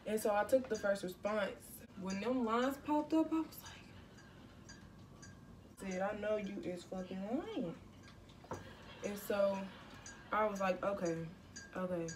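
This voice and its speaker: Teen girl vlogger, casual storytime, slangy and animated, mid-pitched, a bit off-mic. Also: measured pace, pauses often, distant mic, slight background noise.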